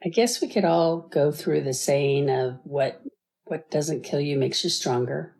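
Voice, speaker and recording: A woman's voice: deep voice, measured pace, vocal fry, a little mellow. A middle-aged woman, a guest in an interview, earnestly telling her story and acting out quoted voices. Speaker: guest, business founder.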